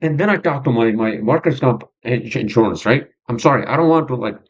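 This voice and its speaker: A man's voice: mid-range voice, animated, brisk, slightly rough. A man hosting his own podcast, venting in a rambling, agitated monologue full of swearing and fillers. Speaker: podcast host. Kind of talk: frustrated monologue. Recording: dull lo-fi sound.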